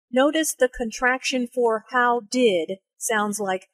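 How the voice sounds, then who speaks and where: A woman explaining English phrases and their intonation in a slow, careful teaching voice. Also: no room sound. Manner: slow, careful, with lively pitch for spoken examples. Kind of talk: slow, clearly articulated teaching narration and dialogue.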